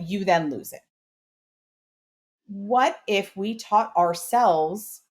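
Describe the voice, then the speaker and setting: A woman hosts a parenting podcast and lays out her advice in an earnest, explanatory way. Her pitch moves in a lively way. She pushes hard on the points she wants to land. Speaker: podcast host and parenting expert. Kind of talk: conversational advice.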